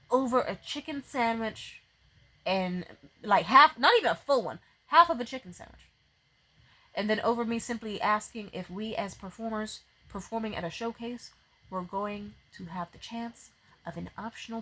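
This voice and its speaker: A young woman venting to her camera in a fast, profane, exasperated rant, often stopping and restarting her sentences. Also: mid-range voice, sharp tone, low-quality recording. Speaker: vlogger. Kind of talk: profane ranting vent. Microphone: facing a camera.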